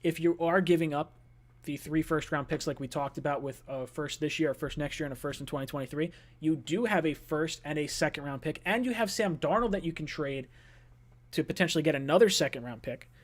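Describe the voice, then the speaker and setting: Man, call-in show host, casual sports talk, loose filler-heavy delivery, slightly raised pitch. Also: brisk.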